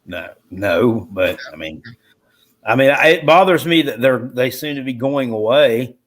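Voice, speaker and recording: A man's voice: medium pitch, animated, measured pace. A man co-hosting a casual sports chat show, rambling in an easygoing way. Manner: rambling, easygoing, many fillers. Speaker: co-host.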